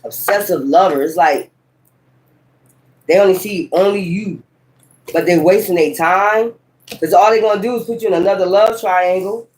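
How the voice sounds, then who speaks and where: A woman's voice: medium pitch, normal speed, long pauses, darkish tone, a little hiss or hum, poor audio. A woman giving a casual tarot reading to camera, talking bluntly and heatedly, cussing often and breaking into sudden exclamations. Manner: rambling and emphatic, with sudden exclamations. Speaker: tarot reader.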